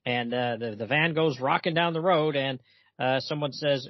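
A man's voice: medium pitch, moderate pace, no room sound, muffled recording. A man co-hosting a comics podcast in casual chat, talking in a hesitant, chatty way with many fillers.

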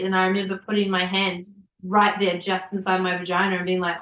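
A woman in her thirties recounts a personal story with animated energy, laughing and saying "like" often. She sits a little back from the microphone. The room around her rings. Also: mid-range voice, brisk, echoey room, distant mic, low-quality recording. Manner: animated, laughing, many likes. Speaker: podcast guest.

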